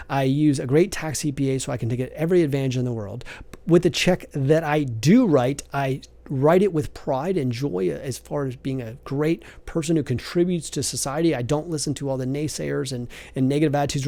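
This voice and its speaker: A man's voice: medium pitch, mellow, no echo. A man hosting a podcast, giving earnest, emphatic business advice in a preachy monologue. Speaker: podcast host, business coach.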